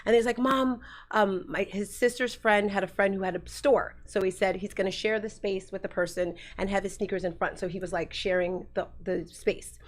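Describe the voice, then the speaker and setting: A woman's voice: medium pitch, steady tone, fairly quick, few pauses. Middle-aged woman telling a story. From New Jersey. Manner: candid, rambling with fillers. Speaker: guest. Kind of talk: casual storytelling.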